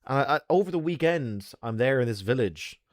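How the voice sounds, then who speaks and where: A man's voice: mid-range voice, expressive, fairly quick, dry recording, clean studio sound. A man streaming games, chatting casually with viewers and telling stories full of sound effects and swearing. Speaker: game streamer.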